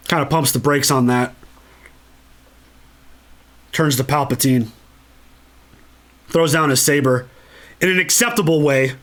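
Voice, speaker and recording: A man's voice: medium pitch, a little slow, pauses often, fairly bright tone. A man hosting a casual movie commentary, enthusiastic and freely swearing. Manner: enthusiastic and profane. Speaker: channel host.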